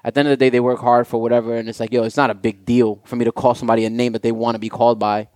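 Fast-talking man in casual chat. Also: mid-range voice, level tone, darkish tone, dry recording, studio quality. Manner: rapid, loose storytelling with many restarts. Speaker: podcast co-host. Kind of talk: casual chat among friends.

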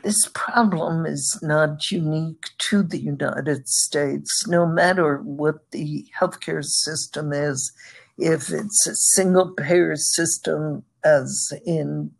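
A woman answering interview questions as an expert guest, measured and explanatory. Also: low-pitched, steady tone, gravelly, breathy edge. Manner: measured, explanatory, occasional laughs.

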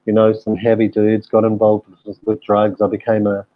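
A man's voice: fairly low pitch, completely flat delivery, moderate pace, no room sound, narrow, tinny audio. A middle-aged man, a guest telling his life story candidly, with frequent fillers and swearing. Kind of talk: personal storytelling.

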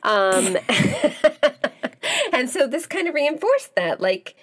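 A woman's voice: sits high, very animated, very slow. A young adult woman co-hosting a casual podcast, chiming in and finishing her partner's sentences. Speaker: podcast co-host. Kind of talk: casual chat reviewing romance novels.

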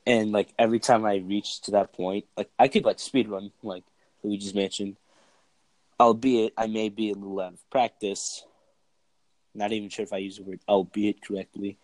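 Rambling, swearing young man, lowish voice. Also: flat delivery, moderate pace, darkish tone, no echo. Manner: rambling, filler-heavy, profane. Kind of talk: casual chat.

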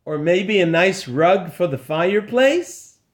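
A man's voice: high-pitched, lively intonation, takes it slowly. A man voicing a teasing noble guest at a party in a spoken story. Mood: mocking. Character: mocking male noble guest.

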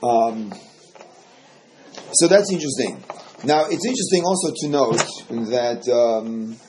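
Animated man teaching a Torah class. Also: mid-range voice, takes it slowly, slight background noise. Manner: animated, repeats words while explaining. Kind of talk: Torah study lesson.

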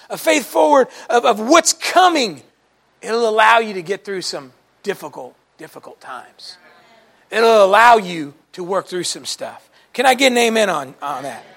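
A man preaching a sermon to a congregation, telling folksy stories in an animated way and breaking into shouts now and then. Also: sits high. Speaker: pastor. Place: church service before a congregation.

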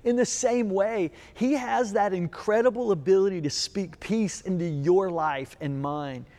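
A man's voice: sits high, unhurried, a little mellow. A man preaching a sermon as pastor, earnest and emphatic, asking rhetorical questions.

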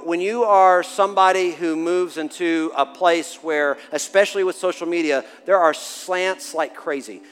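A man in his forties preaching a sermon and telling a family story, animated, swinging from hushed to loud and laughing. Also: on the high side. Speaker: pastor. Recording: long hall reverb with faint music.

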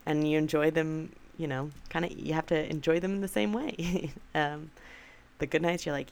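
A woman's voice: low-pitched, normal speed, vocal fry, a little mellow, clean tone. A young adult woman hosting a podcast alone, chatting casually and poking fun at herself, with many "like"s and "um"s. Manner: chatty, self-deprecating, many fillers like "like" and "um". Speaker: podcast host. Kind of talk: casual solo podcast chat.

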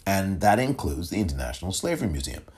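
Guy doing a solo politics podcast, lowish voice that jumps all over, really emphatic, keeps cutting himself off. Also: fast talker. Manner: animated, emphatic, self-interrupting. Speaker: podcast host.

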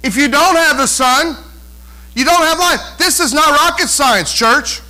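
A man's voice: very high-pitched, sharp tone, rough recording. A man preaching a sermon as pastor of a church, emphatic, with many rhetorical questions.

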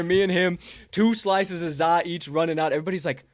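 A young man from Illinois, telling stories in casual chat, swearing heavily and bursting out loudly when excited. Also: sits high, fast, no room sound, studio quality. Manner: animated storyteller, heavy swearing, loud bursts when excited.

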